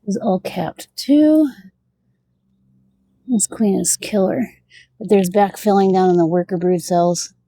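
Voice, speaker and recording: Unhurried and warm-toned, with long pauses, a mid-range female voice chats through a beehive inspection outdoors, talking to the bees and muttering to herself. The recording is dry.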